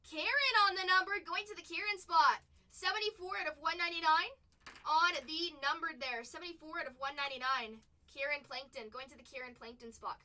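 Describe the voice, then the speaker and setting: High bright excitable woman streamer. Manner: excitable, exclaims often. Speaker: livestream card-break host. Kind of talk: live unboxing commentary. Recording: voice a bit far from the mic.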